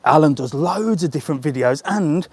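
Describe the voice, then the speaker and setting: A middle-aged man talks in a slightly high voice, live-streaming as he strolls outside through a resort. He is chatty and jokey, and he chuckles between remarks, recorded on a small handheld camera. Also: lively intonation, moderate pace. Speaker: travel vlogger. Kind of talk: live-streamed walking vlog. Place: outdoors in a resort hotel grounds. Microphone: handheld gimbal camera.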